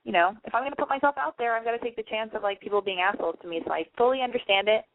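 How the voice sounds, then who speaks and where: A woman's voice: on the high side, racing, dry recording. Tinny-sounding chatty, swearing young woman host. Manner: chatty, swears a lot, many likes. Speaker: call-in show host. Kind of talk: casual chat, profane and rambling. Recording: dry tinny phone-like sound.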